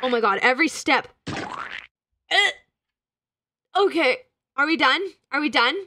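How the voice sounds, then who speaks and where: A woman's voice: high-pitched, measured pace, sharp tone, slight background noise. A woman streamer chatting casually with her live chat, crude and teasing, laughing often.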